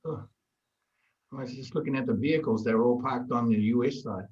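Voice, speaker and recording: A man in casual conversation, telling a story with lively energy and frequent restarts. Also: medium pitch, fairly quick, lo-fi sound. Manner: animated, lively storyteller who repeats and restarts words. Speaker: guest in a group discussion.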